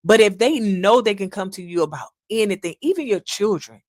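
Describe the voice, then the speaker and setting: A woman hosting a solo podcast, talking with folksy asides and repeating key lines slowly for emphasis. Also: mid-range voice, expressive, no echo, studio quality. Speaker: podcast host.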